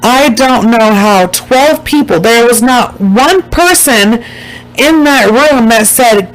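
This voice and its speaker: A woman's voice: on the high side, lively intonation, low-quality recording. Emphatic, swearing woman retelling a story. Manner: emphatic, swears freely, slows down to stress points. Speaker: YouTuber recapping a documentary. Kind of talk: casual storytelling recap.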